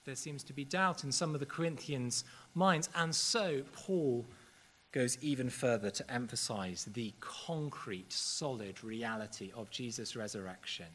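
Husky-voiced man preaching a sermon. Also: medium pitch. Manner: earnest, measured preaching with occasional fillers. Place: church service.

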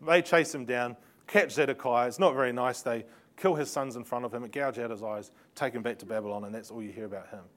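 With a brisk delivery and a voice of medium pitch, a man presents a Bible lesson on slides. He tells the story animatedly, tossing in sarcasm and asides with a laugh.

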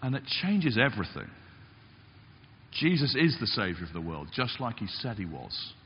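A man preaching a sermon in a church, lively and expressive, acting out the quoted voices as he goes. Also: moderate pace. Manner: animated, acts out quotes with big pitch jumps. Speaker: pastor. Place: church hall. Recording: dull sound with long reverb in a church.

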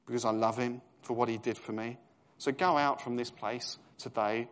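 A man in his fifties with a London East End accent, preaching a sermon in a conversational tone that rises to emphatic proclamation. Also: medium pitch.

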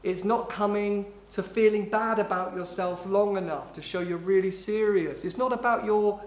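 Preaching with strong emphasis, a high-pitched male voice lingers slowly on key lines and goes hushed and low when quoting. His words echo through the spacious acoustics of a church hall.

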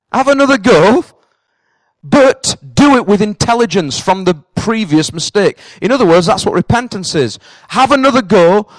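A high-pitched pastor from northern England, speaking with a Northern English accent, preaches to his Cambridge congregation. He's direct and earnest, frequently repeating himself for emphasis. The recording is low quality and lacks room sound.

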